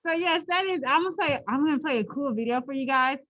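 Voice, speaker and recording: A woman physics teacher giving a relaxed classroom lecture, playful and chatty, often checking in with her students. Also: high-pitched, fast, no room sound, muffled recording.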